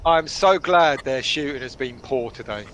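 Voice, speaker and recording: A man's voice: medium pitch, normal speed, a crowd in the background. A man co-hosting a football watchalong, wry and teasing, calling out the clock. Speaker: fan channel co-host. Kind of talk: live match watchalong chat.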